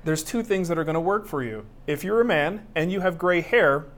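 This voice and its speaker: Man, middle-aged, live-stream co-host, joking, self-mocking, somewhat high pitch. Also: brisk, a bit bright. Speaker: co-host of a woodworking live show. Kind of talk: casual live-stream banter.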